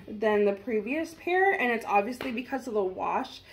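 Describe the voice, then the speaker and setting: A woman's voice: medium pitch, unhurried, hardly any pauses. Chatty young woman gushing over a haul. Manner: chatty, gushing, talks straight to viewers. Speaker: vlogger. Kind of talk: casual try-on haul chat.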